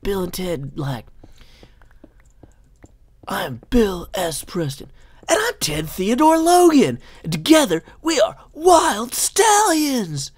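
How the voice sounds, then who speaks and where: A man's voice: high-pitched, huge pitch swings, takes it slowly, breathy edge, pitched above the performer's own voice, full character voice. A man voicing a laid-back young surfer-dude rocker from a movie, drawling and stretching out his words. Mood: stoked.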